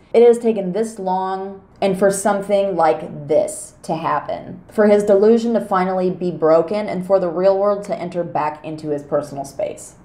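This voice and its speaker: Firm, dark-toned woman giving commentary. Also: lowish voice, roomy sound. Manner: measured, firm, pointed, with swearing. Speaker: commentary YouTuber. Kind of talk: scripted commentary monologue.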